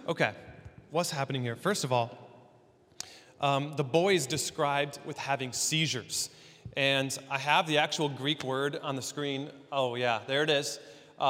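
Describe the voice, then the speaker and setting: A man's voice: mid-range voice, pushed and bright. A man preaching a casual, playful sermon in a church hall, with joking asides. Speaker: pastor. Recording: long hall reverb.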